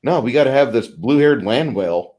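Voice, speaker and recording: A man's voice: mid-range voice, animated, a little fast, darkish tone. A man hosting a casual panel chat about tabletop games, joking and rambling with frequent restarts.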